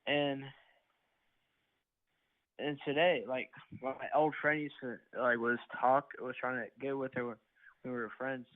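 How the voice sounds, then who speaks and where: A teenage boy calls in to tell his problem, stopping and restarting his sentences as he goes. His voice sits at an ordinary pitch and comes through a thin, phone-like line. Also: little pitch movement. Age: teen. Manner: hesitant, halting storytelling. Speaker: caller.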